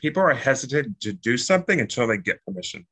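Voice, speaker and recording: A man hosting a casual spiritual chat, animated and jokey, blunt and swearing freely. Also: mid-range voice, quick pace, husky, poor audio.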